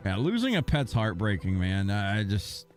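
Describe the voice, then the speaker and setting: A man's voice: on the low side, huge pitch swings, normal speed, over music. A man streaming a game, chatting casually and telling a long story in a rambling way, swearing now and then. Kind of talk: casual chat while gaming.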